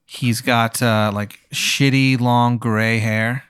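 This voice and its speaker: A man's voice: medium pitch, level tone, slow pace, a bit bright, clean tone, dry recording, clean studio sound. A man hosting, improvising a comedic story in a rambling way, full of "like" fillers. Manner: rambling, heavy use of "like" fillers, laughs while talking. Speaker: host and game runner.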